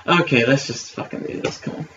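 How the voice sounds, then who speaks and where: A man's voice: medium pitch, a little fast, sharp tone. A man co-hosting a casual commentary podcast, rambling with lots of fillers and swearing. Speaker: podcast co-host. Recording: distant lo-fi mic with faint hiss.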